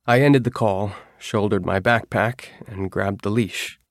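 A man reading a first-person story aloud in a measured, wry storytelling manner. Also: lowish voice, steady tone, dry recording, studio quality. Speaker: audiobook narrator. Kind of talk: scripted first-person narration.

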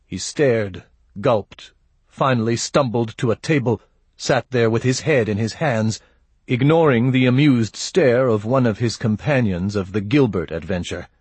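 A man narrating a story in a measured, steady way. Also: medium pitch, slightly rough, dry recording. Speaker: audiobook narrator. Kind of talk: scripted narration.

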